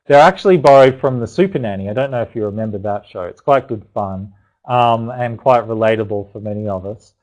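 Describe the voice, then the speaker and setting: A man's voice: on the low side, fairly quick, a little mellow, poor audio. A man presenting a live parenting webinar, chatty and encouraging, talking loosely with restarts and asides to his audience. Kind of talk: live online teaching webinar.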